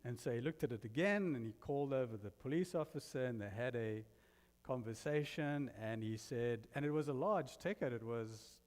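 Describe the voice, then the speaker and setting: A guest minister from abroad preaches in a church sanctuary at a moderate pace, his mid-range voice darkish in tone. He weaves in funny stories at his own expense, all carried on a hall's long reverb.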